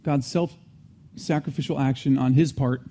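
A man's voice: mid-range voice, fairly even intonation, unhurried, mellow. A man giving an earnest teaching sermon, restating key phrases and adding conversational asides between restarts. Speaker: Christian teacher.

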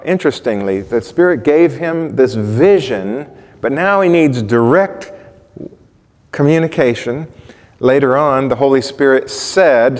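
A man preaching a sermon in a relaxed, conversational way, often putting questions to the congregation. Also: mid-range voice. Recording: long reverb of a large hall.

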